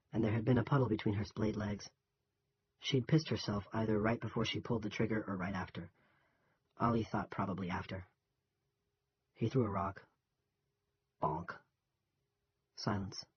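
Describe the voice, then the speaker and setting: A man reading a novel aloud as an audiobook narrator in an even, measured manner. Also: on the low side, husky. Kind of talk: scripted narration. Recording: dull lo-fi recording.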